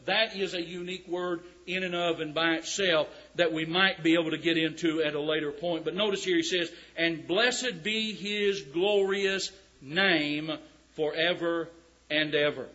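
A man preaching a sermon, reading scripture slowly and emphatically with folksy asides. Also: fairly high pitch, steady tone, pushed and bright. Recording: dull lo-fi recording.

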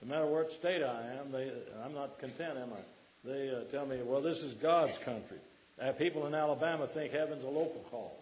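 A man's voice: mid-range voice, brisk, a little mellow, dull audio. A man preaching a sermon to a congregation, quoting scripture and putting questions to the listeners.

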